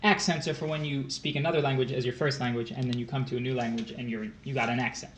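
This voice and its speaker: A man's voice: mid-range voice, little pitch movement, quick pace, slight background noise. A man co-hosting a casual test prep livestream, playful and fond of pedantic asides.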